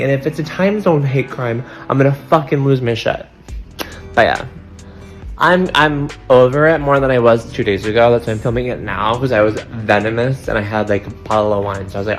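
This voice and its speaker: A man's voice: medium pitch, normal speed, creaky, faint music behind. Profane, irritated young man venting. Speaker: contestant. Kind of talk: confessional video diary.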